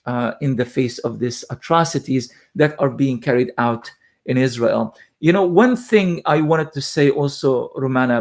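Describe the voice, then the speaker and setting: A man giving live news commentary, impassioned, repeating phrases for emphasis and using many fillers. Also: mid-range voice.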